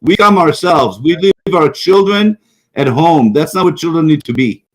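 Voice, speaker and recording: A man's voice: fairly high pitch, animated, moderate pace, poor audio. A middle-aged man co-hosting a casual political talk show, rambling and mocking, often repeating himself.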